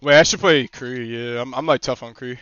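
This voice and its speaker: A young man streaming a game, chatting casually with teammates, excitable, swearing and laughing often. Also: medium pitch, normal speed, clean tone, dry recording. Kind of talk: casual gaming chat with teammates. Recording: slightly muffled dry stream mic.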